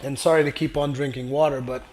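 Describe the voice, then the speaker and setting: A young man runs a gaming channel, reading viewer comments aloud and answering them in a casual, rambling way as a dry throat wears his voice down. His voice sits mid-range, with a level, darkish tone and a quick pace. There's slight background noise.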